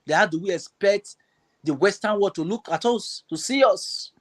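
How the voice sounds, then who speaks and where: A man's voice: high-pitched, moderate pace. A man giving an impassioned political speech on a panel, fervent and full of rhetorical questions. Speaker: panel guest.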